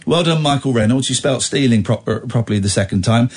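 A male radio presenter running a phone-in, sarcastic and teasing, swinging between mock outrage and deadpan. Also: medium pitch, quick pace. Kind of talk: late-night radio phone-in.

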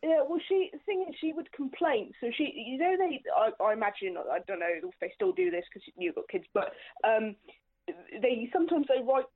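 A woman's voice: sits high, sing-song, moderate pace, husky. A woman in her twenties calling in to a radio show, telling a rambling story and laughing as she talks. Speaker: caller. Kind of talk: phone-in chat. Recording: tinny phone line.

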